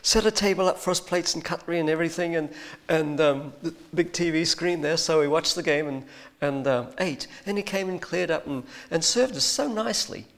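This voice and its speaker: A man's voice: fairly high pitch, fairly quick, gravelly, fairly bright tone. A man telling a personal story with a spiritual point, in a rambling, hesitant way with many ums and restarts. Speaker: speaker sharing a personal testimony.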